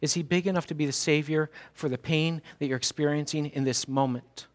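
A male pastor preaching a sermon in a church, dramatic, swinging from hushed talk to shouting. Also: a little high, steady tone, a little fast.

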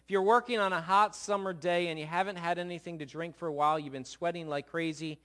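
A man's voice: on the high side, steady tone, fast, a bit bright. A middle-aged man pastor giving a sermon in a church, talking conversationally and joking with his congregation. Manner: conversational, jokey, checks in with congregation. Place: church sanctuary.

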